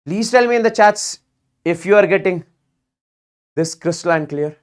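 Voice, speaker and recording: A man teaching physics in a live online exam-prep class, talking in animated bursts, repeating words and checking in with students often. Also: high voice, normal speed.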